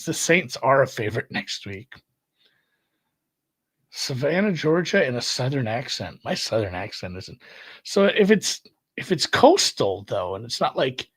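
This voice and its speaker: A male podcast host casually thinks aloud about sports bets while checking the odds, talking solo. His voice is mid-range and a bit bright.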